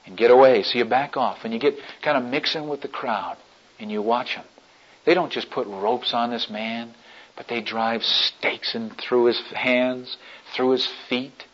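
A male preacher telling a story in a sermon, swinging between hushed and loud delivery. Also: mid-range voice. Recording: dull lo-fi recording.

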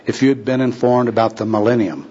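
A kindly old preacher speaks gently, weighted with churchy jargon, as a man puts him on. His voice is husky and the recording dull and lo-fi. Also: mid-range voice, a little fast, lightly acted. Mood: kindly, pious.

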